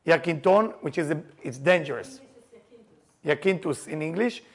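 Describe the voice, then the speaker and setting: A man's voice: on the high side, normal speed. A man teaching a group about the Passover seder. He tells stories with humor, laughs often, and raises his voice for emphasis. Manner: animated storyteller, laughs and jokes, shouts for emphasis. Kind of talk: lively teaching talk to a group.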